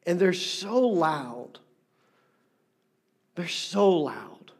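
A middle-aged pastor preaching a sermon, repeating phrases for emphasis and swinging between loud stresses and soft whispers. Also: male voice, sits high, sing-song, drawn-out words.

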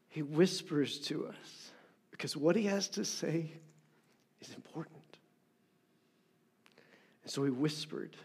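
Preaching a sermon, this middle-aged pastor speaks in a male voice on the high side. Phrases get repeated for emphasis, and his delivery shifts between loud stresses and quiet whispers.

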